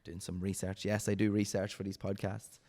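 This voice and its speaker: A man's voice: sits low, little pitch movement, fairly quick, dark tone. A man hosting a casual podcast interview, talking in a rambling, stop-start way and repeating words as he goes. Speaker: podcast host and coach.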